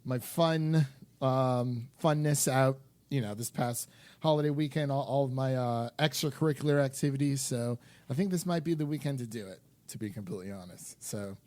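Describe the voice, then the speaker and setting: A young man co-hosting a film podcast, talking in an animated, rambling way with lots of restarts and fillers. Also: mid-range voice, normal speed, no echo. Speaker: podcast co-host. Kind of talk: casual chat.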